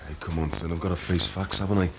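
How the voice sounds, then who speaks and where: A man's voice: deep voice, steady tone, fast talker, background noise. An actor playing a worried single father who is talking his problems through. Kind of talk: TV soap acting.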